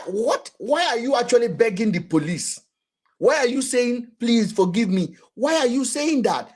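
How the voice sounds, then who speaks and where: Brief: Nigerian-accented male vlogger, husky, lively swooping delivery, high voice. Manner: animated, rhetorical, acts out quotes. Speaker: vlogger and commentator. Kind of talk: casual commentary.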